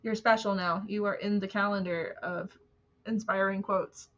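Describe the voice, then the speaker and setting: A woman's voice: mid-range voice, fairly even intonation, normal speed, a bit bright. Bubbly woman on a lo-fi stream. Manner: bubbly, gushing, chatty with fillers. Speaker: spiritual reader and live-stream host. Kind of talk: casual spiritual live-stream chat. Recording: dull lo-fi stream audio.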